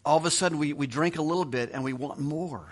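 A man's voice: a little high, fast talker. Chuckling middle-aged male preacher. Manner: conversational preaching with chuckles and repeated words. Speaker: pastor. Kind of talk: sermon.

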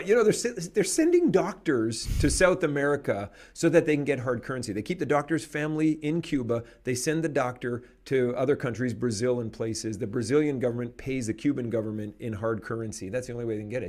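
A man in casual conversation, talking in an animated, opinionated way and laughing often. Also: medium pitch, fairly quick, few pauses.

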